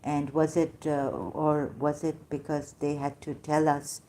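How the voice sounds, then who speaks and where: Woman in a debate, deep warm voice, lots of uhs and restarts, keeps saying she's trying to stay gentle. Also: level tone, a little slow. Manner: hesitant, many fillers and restarts; says she is hyper and struggles to keep her voice gentle. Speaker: debater in an online religious discussion. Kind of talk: unscripted debate talk.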